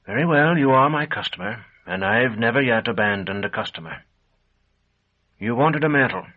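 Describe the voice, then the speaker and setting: A man's voice: lively intonation, normal speed, close to an everyday voice. A man doing a fussy, nervous shopkeeper. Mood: resigned. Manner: pleading and servile, higher and louder than the narration. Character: nervous, fussy middle-aged male shopkeeper. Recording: dull lo-fi audio.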